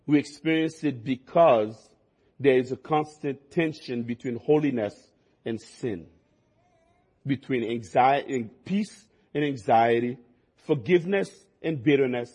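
A man preaching a sermon, his delivery swinging between quiet, low passages and rising, emphatic stretches. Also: unhurried, husky. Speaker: pastor.

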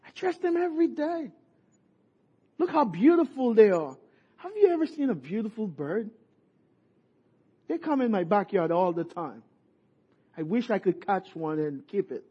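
A man preaching a sermon, impassioned, dropping soft and rising to shouted peaks. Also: sits high, breathy edge. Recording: muffled lo-fi sermon recording.

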